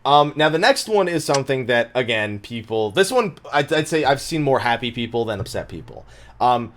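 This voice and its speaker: Animated male podcast host. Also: mid-range voice, normal speed. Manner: animated, swears and laughs often. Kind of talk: casual podcast chat.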